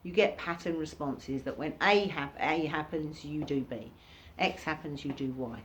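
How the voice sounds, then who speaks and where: A woman giving an informal recorded workshop lesson, talking casually and acting out reactions in sudden high bursts. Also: normal speed, a little hiss or hum. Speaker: workshop teacher.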